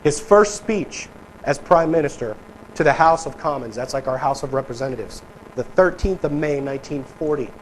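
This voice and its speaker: A man's voice: medium pitch, lively intonation, moderate pace, a little hiss or hum, rough recording. A man preaching a sermon in a conversational, emphatic way, talking with his congregation and reading quotes aloud. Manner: conversational, emphatic, mock voices for politicians. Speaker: pastor. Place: church sanctuary.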